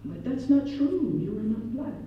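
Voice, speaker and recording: A woman's voice: high-pitched, lively intonation, moderate pace, muffled recording, voice pushed up. A woman voicing an insistent French local who speaks French and then repeats it in English. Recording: echoey hall, distant mic.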